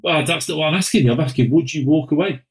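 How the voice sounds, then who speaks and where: A man's voice: fairly high pitch, fast talker, low-quality recording. A man co-hosting a casual business talk show, teasing his partner with hypothetical scenarios. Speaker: podcast co-host, recruiter. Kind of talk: casual chat.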